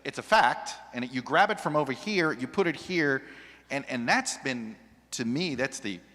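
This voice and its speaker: Male journalist panelist, animated and restarting often, with a bright voice in a reverberant hall. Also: medium pitch, moderate pace. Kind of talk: panel discussion. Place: large hall with an audience. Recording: long reverb of a large hall.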